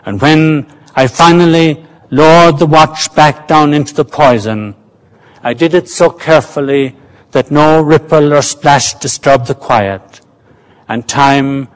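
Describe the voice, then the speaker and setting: A man reading from his own novel at a slow, measured pace, trailing off softly. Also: medium pitch. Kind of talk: literary reading. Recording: reverberant hall.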